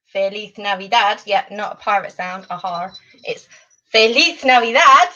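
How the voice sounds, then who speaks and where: A woman leading an online Spanish lesson for children, animated and encouraging. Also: mid-range voice, normal speed, highs cut off. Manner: animated, encouraging, sing-song teacher voice.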